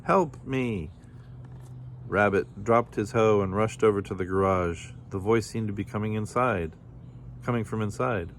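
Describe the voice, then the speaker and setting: A man reading a children's picture book aloud in a plain, steady storytelling manner. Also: on the low side, moderate pace, slight background noise. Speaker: storybook reader.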